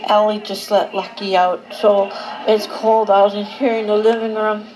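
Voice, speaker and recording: A woman's voice: medium pitch, level tone. A medicated woman in a loopy, drowsy state, filming herself casually in her living room at night. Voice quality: slow, drawn-out, slightly slurred talk. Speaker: vlogger. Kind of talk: casual home video. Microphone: handheld camera. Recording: noisy home camcorder.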